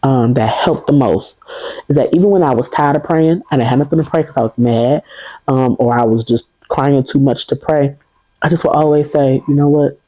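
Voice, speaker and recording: Woman, young adult, warm tone, dry close sound, podcast testimony. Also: extremely low pitch, moderate pace, no echo, rough recording. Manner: animated, laughing, acts out quoted voices. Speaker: podcast guest sharing testimony. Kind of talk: casual storytelling testimony.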